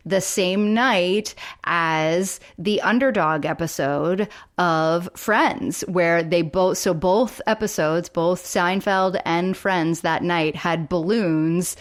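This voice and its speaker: A woman co-hosting a podcast in casual chat, lively and full of quick asides. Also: on the low side. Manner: chatty, animated, quick asides. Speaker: podcast co-host.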